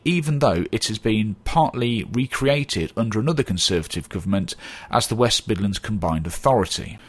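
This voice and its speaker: A man reading a scripted documentary narration, calm and measured, listing words with their meanings. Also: on the low side. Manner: measured, reads out word lists.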